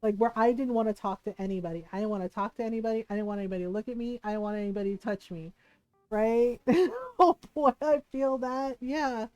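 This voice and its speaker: A woman from the Philippines telling personal stories on a live stream, animated, laughing often and acting out what others said. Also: on the high side, quick pace, dry recording, low-quality recording. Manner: animated, laughs often, acts out quoted voices. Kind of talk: casual storytelling to a live stream.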